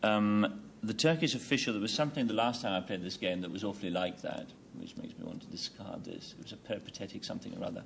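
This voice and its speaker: Gravelly man dithering over a choice. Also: on the low side, big pitch swings, fast, hardly any pauses, slight background noise. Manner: dithering, thinking aloud. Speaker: panel game contestant.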